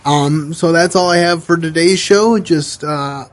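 A man hosts a relaxed book-club podcast in a fairly high voice. He talks in a halting, friendly way, full of fillers and restarts, and wears his emotions openly. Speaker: podcast host. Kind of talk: casual book-club chat. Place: studio.

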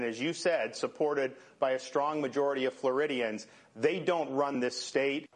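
A man, a state governor, speaking firmly and combatively in an interview clip. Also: medium pitch. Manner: firm, combative.

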